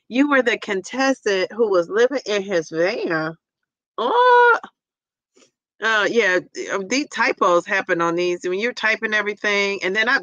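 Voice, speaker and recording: A woman's voice: mid-range voice, bright, forceful tone, no room sound, low-quality recording. A woman hosting a casual livestream, reading viewer comments aloud and laughing often between them. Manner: laughs often, giggly exclamations. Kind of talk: casual live chat.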